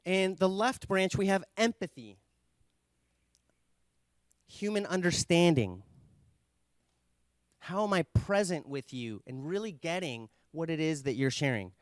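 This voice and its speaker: Earnest guy giving a conference talk, bit higher voice, stops with little uhs. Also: lively intonation, no room sound. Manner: earnest, explanatory, pauses with fillers. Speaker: conference speaker.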